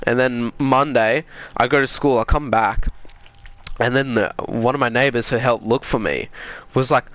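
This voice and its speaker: A man's voice: medium pitch, normal speed, fairly bright tone, smooth, dry recording. An Australian man from Sydney telling a story in casual chat, swearing freely and laughing as he goes.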